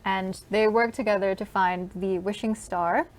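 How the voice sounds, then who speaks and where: Woman radio host, mid-pitch, eager casual film chatter. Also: fairly even intonation, a little slow. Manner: enthusiastic, gushing, many "like"s. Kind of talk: casual film review chat.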